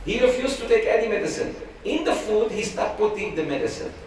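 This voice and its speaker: Speaking fairly quickly in a high, sing-song, slightly mellow voice, this man leads a religious class in a chatty way and performs the quoted voices as he tells stories. The audio is distant, echoey and noisy.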